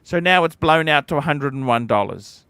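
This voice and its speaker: A man in his forties with a bright, crisp, fairly high voice rants at length, swearing freely and sounding thoroughly cantankerous. The sound is dry and close, with no room around it. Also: lively intonation, normal speed, dry recording. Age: 40s. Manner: profane, cantankerous ranting. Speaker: livestream host. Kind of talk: ranting livestream chat.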